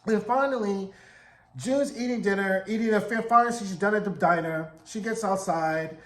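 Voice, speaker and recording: Sassy guy in his 40s doing a tv recap, high voice, echoey room. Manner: sassy, animated, acts out characters' lines in quick voices. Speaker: TV recap vlogger. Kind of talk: casual TV episode recap. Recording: roomy echo.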